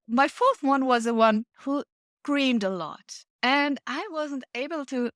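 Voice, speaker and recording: Woman, podcast guest, high pitch, heartfelt storyteller. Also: slow pace, fairly bright tone, dry recording, studio quality. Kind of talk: casual chat.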